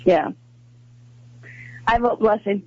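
A woman co-hosting a radio talk show, chatty and quick to laugh, with many fillers. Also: mid-range voice, slightly rough, dry recording, highs cut off. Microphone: studio microphone.

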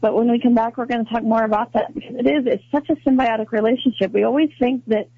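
A woman co-hosting a radio talk show, chatty and quick to laugh, with many fillers. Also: fairly high pitch, fairly even intonation, slightly rough, dry recording, narrow, tinny audio. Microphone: studio microphone.

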